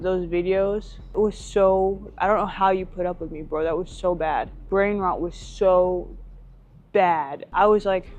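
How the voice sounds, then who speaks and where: A young woman bodybuilder chatting in a gym vlog, rambling with lots of "like" and "bro" and free swearing. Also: medium pitch. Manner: rambling, swears freely, says "like" and "bro" often. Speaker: bodybuilder vlogger. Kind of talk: casual gym vlog chat.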